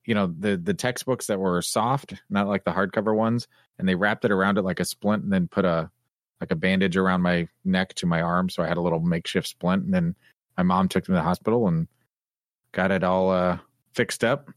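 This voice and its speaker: Very deep voiced guy chatting on a podcast, dry quips, close dry mic. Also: fairly even intonation, brisk, no echo. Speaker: podcast co-host. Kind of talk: casual chat.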